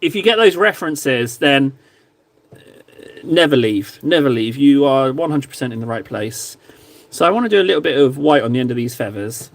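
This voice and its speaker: A man casually chatting to his stream viewers while painting models, joking around and sometimes mock-shouting at them. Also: medium pitch, expressive, moderate pace, gravelly. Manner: playful, jokey, mock-shouts insults at viewers. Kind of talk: casual live-stream chat.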